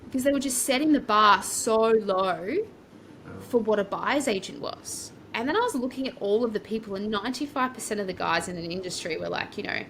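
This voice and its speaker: Young Australian woman, property-coach guest: chatty, rambling storyteller with a bright voice and faint noise. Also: mid-range voice, brisk. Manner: chatty, rambling, lively asides. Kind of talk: casual storytelling interview.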